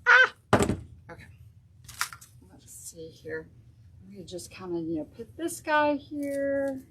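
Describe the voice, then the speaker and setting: A woman's voice: sits high, big pitch swings, slow pace, creaky, noisy background. A woman hosting a casual craft stream, chatting and thinking aloud as she works. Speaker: craft show host. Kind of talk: casual craft livestream chat.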